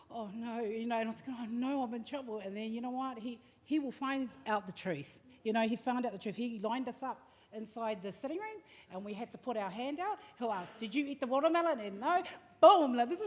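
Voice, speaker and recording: A middle-aged woman, telling a lively family story with many fillers at a memorial service. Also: on the high side. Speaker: family member giving a tribute. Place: large hall at a family service. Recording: long hall reverb, faint room ambience.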